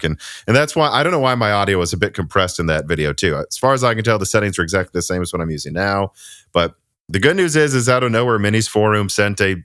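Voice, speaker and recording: A man's voice: fairly low pitch, animated, fast, a bit bright, no room sound, clean studio sound. A man hosting a casual tech podcast, chatty and sarcastic, rambling with restarts. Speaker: podcast host.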